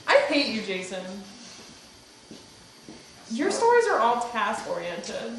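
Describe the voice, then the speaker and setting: Young woman, casual storytelling, animated and profane, roomy noisy kitchen sound. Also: fairly high pitch, slow, distant mic. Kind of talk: casual chat among friends. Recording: roomy, noisy home recording.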